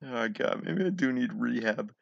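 A man's voice: medium pitch, expressive, normal speed, gravelly, dry recording. Giggling man reading jokes aloud. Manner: giggles through jokes, swears casually. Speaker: joke reader. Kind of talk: casual joke reading. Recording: dull, lo-fi home recording.

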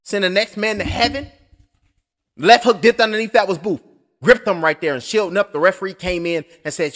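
A man in his thirties calling a fight punch by punch, his voice sitting high and lively. He is loud and excitable, swears freely, and drifts into joking asides between exchanges. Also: a little fast. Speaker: boxing commentator. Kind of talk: live blow-by-blow commentary.

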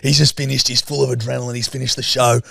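A man's voice: mid-range voice, little pitch movement, quick pace, creaky, sharp tone, no room sound, studio quality. A young Australian man co-hosting a podcast, telling sweary stories in casual chat. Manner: sweary, storytelling with put-on voices. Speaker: podcast co-host.

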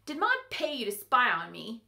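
Defiant, stubborn teenage girl, blunt and mocking, higher-pitched; woman voicing her. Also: big pitch swings, normal speed, creaky, sharp tone, exaggerated voice. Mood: teasing. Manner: blunt, teasing.

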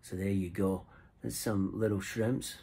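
Chatty Scottish man with a husky voice. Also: sits low, steady tone, a little slow, dark tone. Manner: chatty, rambling, jokey. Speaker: fly tier and seller. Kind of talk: casual vlog talk to camera. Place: camping on the road.

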